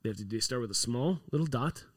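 Profane, animated man telling work stories. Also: medium pitch, quick pace, no room sound, studio quality. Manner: animated, profane storytelling with acted-out quotes. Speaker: props crew member on a TV set. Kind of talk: casual chat.

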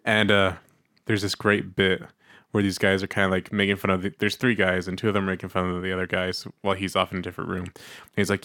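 A man's voice: sits low, fast talker, no echo, clean studio sound. A young man co-hosting a casual podcast chat, telling stories and acting out the characters in them. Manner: animated storytelling, acts out skits in shouted voices. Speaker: podcast co-host.

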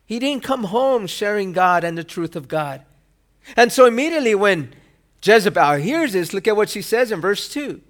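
A male pastor preaching a sermon. He asks rhetorical questions and acts out quoted lines with sudden loud bursts. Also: high voice, sing-song, normal speed.

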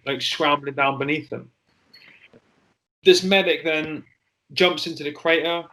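A man in his forties telling a personal story in an interview, candid and halting, with frequent fillers and swearing. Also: fairly high pitch, pushed and bright, rough recording. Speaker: interview guest, former soldier.

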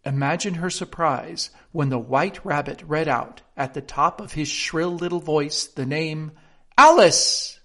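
Audiobook narrator, male, fairly high pitch, steady expressive storytelling. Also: unhurried, few pauses.

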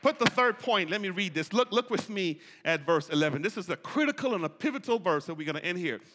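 A man's voice: high-pitched, animated, fast talker, pushed and bright, long reverb tail, a little hiss or hum. A man preaching a sermon as pastor, with impassioned call-and-response and folksy turns of phrase. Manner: folksy, drawls "y'all" and "ain't". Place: church sanctuary.

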